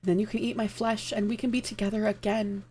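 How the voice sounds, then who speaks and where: A woman voicing a dying man, soft and tender. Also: mid-range voice, flat delivery, a little fast, husky, close to an everyday voice. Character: dying gentle male lover, tender and calm.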